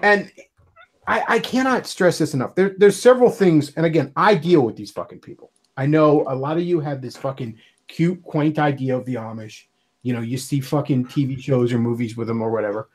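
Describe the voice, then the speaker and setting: A man's voice: mid-range voice, a little fast. An American man hosting a livestream, ranting heatedly with constant swearing and sarcasm. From United States. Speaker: livestream host. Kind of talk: ranting casual monologue.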